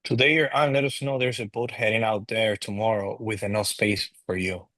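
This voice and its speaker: A man's voice: on the low side, fairly even intonation, moderate pace, fairly bright tone, natural voice. An actor playing a father who jokes with his family but urges them to be careful. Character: joking father, cautious head of family.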